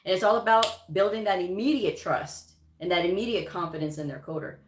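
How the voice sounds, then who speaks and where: A woman's voice: lowish voice, brisk. Emphatic woman giving career advice. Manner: emphatic, repeats points, chuckles often. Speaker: medical coding educator and channel host. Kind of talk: casual live-chat advice. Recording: roomy echo.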